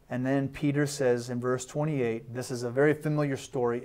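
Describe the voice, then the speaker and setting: A man giving a short, animated sermon as a guest, acting out the voices in the story with humor. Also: medium pitch, moderate pace, few pauses. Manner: animated, acts out Bible voices and jokes. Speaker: guest pastor. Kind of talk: short sermon on a talk show.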